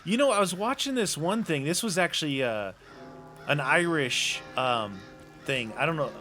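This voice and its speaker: Easygoing American man with a bright voice. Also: on the high side, expressive, normal speed, faint music behind. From United States. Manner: easygoing, rambling, chuckles often. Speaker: co-host. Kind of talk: casual chat.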